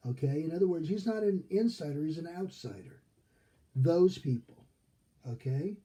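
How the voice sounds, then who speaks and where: A male rabbi teaching scripture in a relaxed, chatty way, often pausing to ask "okay?" His voice sits a little high but sounds very dark and mellow. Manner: conversational, checks in with frequent "okay?"; acts out quoted characters in his retelling. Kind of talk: casual Torah study lesson.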